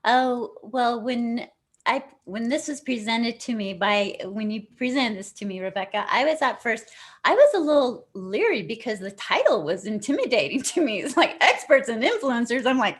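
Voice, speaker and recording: A middle-aged woman speaking as a guest author in an online interview. Her voice sits a little higher than most. She talks in an earnest, open-hearted way and grows emotional at times. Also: big pitch swings, moderate pace, slightly rough. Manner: earnest, effusive, tearful at moments.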